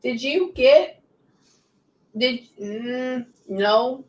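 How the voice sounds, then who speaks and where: A woman working as a psychic medium, relaying messages in quick bursts and often pausing to say "hang on" during a live reading session. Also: on the high side. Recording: echoey room, distant mic, faint background noise.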